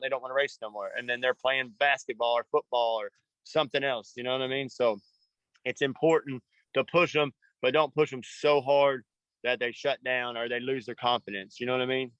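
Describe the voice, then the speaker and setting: A man's voice: medium pitch, steady tone, brisk, fairly bright tone, clear, resonant tone, no room sound, muffled recording. A man coaching young motocross riders, talking in an earnest, rambling way and often asking "you know what I mean.". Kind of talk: casual coaching talk.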